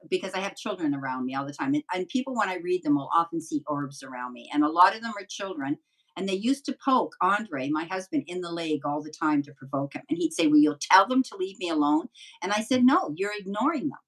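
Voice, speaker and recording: Older chatty woman, low voice, slightly distant. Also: animated, fast talker, fairly bright tone. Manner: rambling, chatty anecdotes. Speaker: psychic medium guest. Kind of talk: casual storytelling interview.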